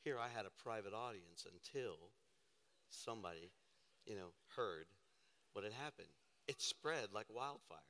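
A low-voiced man preaches in a church auditorium, his bright, resonant voice carried by long hall reverb. He tells a personal story with lively, self-deprecating humor before he turns to scripture. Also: a little slow. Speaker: pastor.

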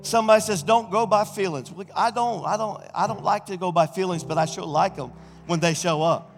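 A middle-aged senior pastor, preaching an exuberant sermon and shouting praise in a church sanctuary. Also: male voice, sits high, steady tone, brisk, faint music behind. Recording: reverberant church hall.

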